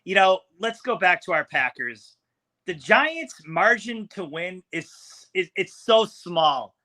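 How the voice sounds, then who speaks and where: A man co-hosting a sports talk podcast, bluntly breaking down a football game. His tone is forceful and bright, and his voice sits a little high for a man. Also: very animated, takes it slowly. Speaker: podcast co-host.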